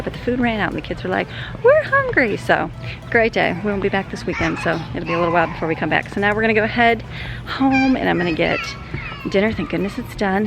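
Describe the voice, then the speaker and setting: A woman's voice: on the low side, creaky. A woman in her thirties, a homeschooling mother, chatting through her day in a casual vlog while she goes about her chores at home. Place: car, home and kitchen. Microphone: handheld camera.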